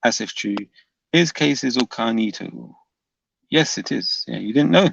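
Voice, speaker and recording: A man with a gravelly, creaky voice who reads out stream chat and answers it in a dry, unbothered way. His mic sounds dull and lo-fi, and the sound is dry and close. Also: medium pitch, a little slow, a bit bright, dry recording. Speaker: livestream host. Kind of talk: reading chat comments aloud on a stream.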